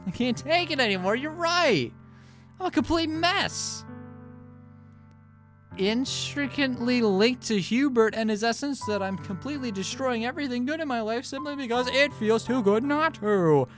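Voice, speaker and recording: A man playing a shy, obsessive teenage girl who speaks in a solemn, overwrought hush, with her voice sliding widely between low and high. Background music plays under her. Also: expressive, moderate pace. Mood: desperate.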